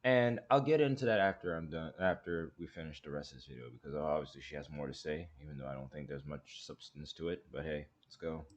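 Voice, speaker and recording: A man's voice: rumbling low, fast talker, hardly any pauses, dull audio. A man hosting a reaction commentary, talking in a rambling, hesitant way with emphatic restarts. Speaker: commentary host.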